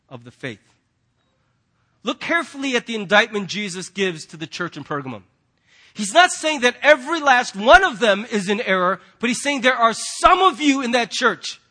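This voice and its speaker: High, bright-voiced pastor preaching. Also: male voice. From United States. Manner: conversational and emphatic, with casual asides. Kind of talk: sermon.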